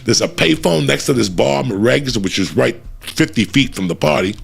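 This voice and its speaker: A middle-aged man telling a profane, animated story in a casual way and acting out the voices of the people in it. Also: mid-range voice, normal speed, vocal fry, husky. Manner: profane, animated, acts out voices in his stories. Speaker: comedian storyteller.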